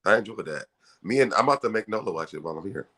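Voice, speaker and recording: Brief: quick, bright-toned male co-host, lively pitch, casual banter. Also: breathy edge. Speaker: podcast co-host. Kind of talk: casual recap chat.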